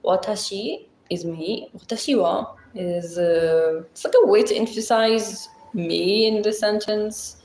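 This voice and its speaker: A woman's voice: mid-range voice, takes it slowly, hardly any pauses, darkish tone, slight background noise. A woman hosting a casual livestream, chatting with viewers and rambling through simple language explanations with plenty of fillers. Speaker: livestream host. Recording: echoey room.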